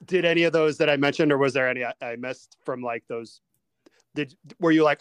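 A man hosting a casual movie-review podcast, steering the talk with lively asides and questions to his co-hosts. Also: on the high side, clean tone, no echo. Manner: animated, quick asides, steers the discussion. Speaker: podcast host.

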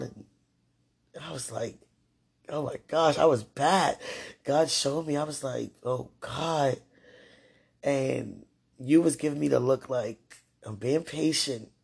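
A woman's voice: very deep voice, normal speed, vocal fry, a little mellow, breathy edge. A woman hosting a podcast, talking casually and directly to her partner, laughing often. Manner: chatty, laughs often, talks straight to the listener. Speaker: podcast host. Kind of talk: casual monologue addressed to a partner.

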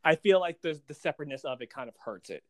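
Chatty man with a high voice. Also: fast. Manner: rambling, many restarts, animated when mocking. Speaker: podcast co-host. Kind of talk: casual movie ranking chat.

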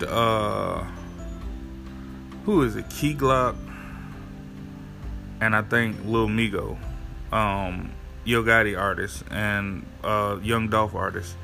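Man, podcast host, gravelly, casual and profane, rambling talk, faint music. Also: lowish voice, pushed and bright. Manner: loose, profane, rambling with many fillers. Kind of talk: casual solo podcast monologue.

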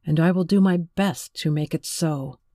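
A narrator voicing a restrained, tender young man who speaks softly and earnestly, holding back tears, in an audiobook reading. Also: a little high, moderate pace, no room sound, clean studio sound, natural voice.

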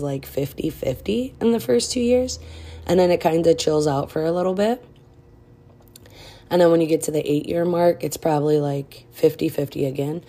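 A woman's voice: sits low, mellow. A woman hosting a podcast, talking frankly and directly in a casual advice chat, a little out of breath. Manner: frank and direct, many fillers. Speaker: podcast host.

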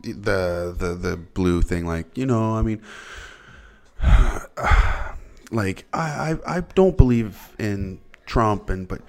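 A man with a very deep voice talks casually as a podcast co-host. He rambles and restarts, then pushes out emphatic bursts. It sounds like relaxed conversation between friends. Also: takes it slowly, gravelly. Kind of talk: casual chat.

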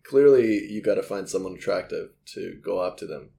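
A man with a low, mellow, gravelly voice asks short, probing questions. He sounds relaxed, and the room around him is echoey. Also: brisk. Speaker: interviewer. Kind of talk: casual interview questions.

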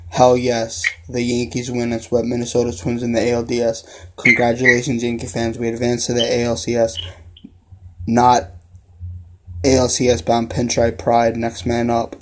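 A man hosting a casual sports podcast, reading out listener messages and reacting excitedly. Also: medium pitch, normal speed, slight background noise. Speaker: podcast host.

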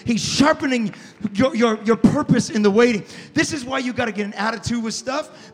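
A male pastor preaching a fervent sermon to a congregation, dropping to a hush and then rising to shouts. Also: very high-pitched, long reverb tail. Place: church sanctuary before a congregation.

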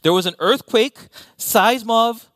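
A man preaching a sermon as pastor, animated, with self-deprecating asides and sudden drops to near-whispers. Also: very high voice, takes it slowly, dry recording, studio quality.

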